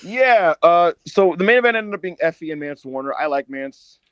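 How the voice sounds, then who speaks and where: A man co-hosting a casual wrestling podcast, telling a long story with lots of swearing and high mock voices for the people in it. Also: moderate pace, smooth, no echo, lo-fi sound. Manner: animated storyteller, swears a lot, acts out others in high put-on voices. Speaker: podcast co-host.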